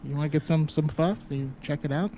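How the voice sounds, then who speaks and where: A man co-hosting a live call-in show, talking in a halting way with many fillers and bursts of laughter. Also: a little high, fairly even intonation, mellow, slight background noise. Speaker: co-host.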